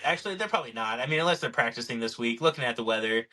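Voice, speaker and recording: A man's voice: medium pitch, rapid-fire. A young man co-hosting a casual podcast, telling stories animatedly and acting out what people said. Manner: animated storyteller, acts out quotes. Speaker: podcast co-host. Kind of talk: casual chat.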